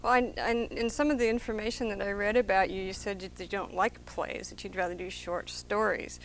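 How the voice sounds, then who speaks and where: A woman's voice: mid-range voice, steady tone, fairly quick, a little hiss or hum, rough recording. A woman hosting a TV interview, asking short questions and closing out the program. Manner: brief prompting questions, frequent mm-hmms. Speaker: talk show host.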